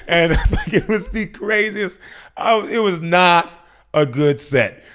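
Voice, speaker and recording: A man's voice: high voice, wildly swooping pitch, unhurried, fairly bright tone. Laughing storyteller man. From United States. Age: 30s. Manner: storytelling, laughing, acts out quotes. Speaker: guest comedian. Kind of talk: casual podcast chat. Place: podcast studio.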